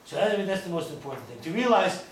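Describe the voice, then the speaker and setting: Chatty rabbi in an echoey room. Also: male voice, high-pitched, big pitch swings, racing. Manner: chatty, digressive, joking asides. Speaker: rabbi giving a lecture. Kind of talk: informal lecture with storytelling. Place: lecture room with a small audience. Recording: echoey room from far off, faint noise.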